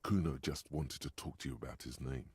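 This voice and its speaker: A man voicing the inner voice of a game hero's mind, speaking in measured second-person advice and warnings. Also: rumbling low, darkish tone, breathy edge, no room sound, full character voice. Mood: ominous advising.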